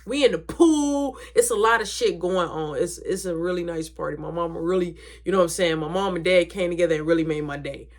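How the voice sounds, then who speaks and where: A woman's voice: fairly low pitch, a little fast, hardly any pauses. A woman telling a story in a casual, dramatic way, swearing freely.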